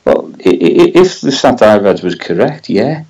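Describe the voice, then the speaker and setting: A man's voice: lowish voice, very animated, normal speed, creaky, darkish tone, slightly rough, low-quality recording. A man with a Scouse accent, co-hosting a casual football podcast, hesitant and full of tag questions. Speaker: podcast co-host.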